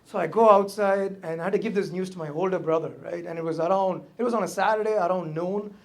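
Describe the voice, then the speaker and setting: High-voiced man doing stand-up. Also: fast, gravelly. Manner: tags lines with a questioning "right?". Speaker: stand-up comedian. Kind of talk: stand-up storytelling.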